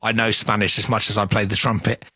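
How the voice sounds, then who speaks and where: A man's voice: on the low side, little pitch movement, fast talker, bright, forceful tone, slightly rough, dry recording. A man who works as a radio presenter, chatting in a friendly, self-deprecating way on a podcast. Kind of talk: casual chat.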